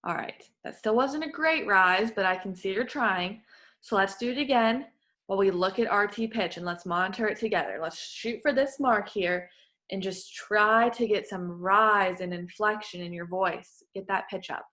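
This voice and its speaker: A woman's voice: mid-range voice, normal speed, fairly bright tone. A woman working as a voice clinician, giving patient, encouraging step-by-step instructions in a therapy session.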